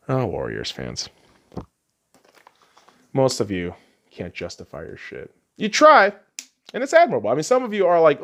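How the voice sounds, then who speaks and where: A man hosting a podcast, delivering a profane, heckling sports rant in a casual, animated way. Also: on the low side. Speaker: podcast host.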